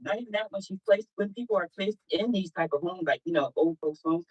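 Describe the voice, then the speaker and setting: A man speaks earnestly in a casual discussion, his slightly high voice a little husky. The sound is dull and lo-fi, like a clip played back through a stream. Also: fast. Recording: lo-fi playback of a clip.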